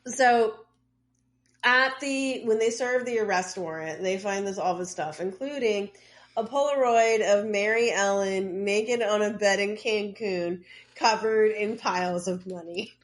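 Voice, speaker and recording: Woman co-host, mid-pitched, casual chatty storyteller with dry asides. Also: measured pace. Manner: chatty, loose retelling with lots of "like" and wry asides. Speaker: podcast co-host. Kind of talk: casual true-crime storytelling.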